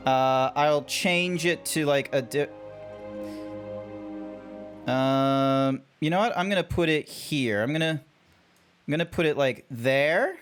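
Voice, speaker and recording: An Australian man chats casually on his livestream, rambling with many fillers and restarts. His voice sits a little high for a man, and faint music plays behind him. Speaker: VTuber streamer.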